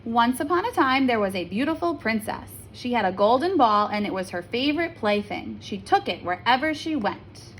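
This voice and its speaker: A woman teacher reading a fairy tale aloud to young children in an expressive storytelling manner. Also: fairly high pitch, normal speed, few pauses, a little hiss or hum, low-quality recording.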